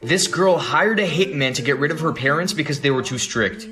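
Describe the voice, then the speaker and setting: A man narrating a true-crime storytime in a steady, matter-of-fact way. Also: fairly high pitch, fairly quick. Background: background music.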